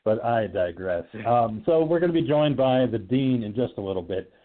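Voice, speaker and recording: A man's voice: mid-range voice, expressive, normal speed. A man hosting an online horror talk show, joking and swearing in casual banter. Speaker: podcast host. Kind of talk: casual chat. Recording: tinny phone-like online radio.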